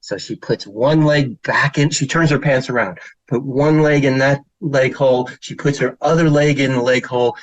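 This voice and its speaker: A man's voice: medium pitch, normal speed, no room sound, poor audio. Man telling parenting stories in a talk. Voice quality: informal and storytelling, with fillers and put-on children's voices. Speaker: child therapist. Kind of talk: presentation talk with slides.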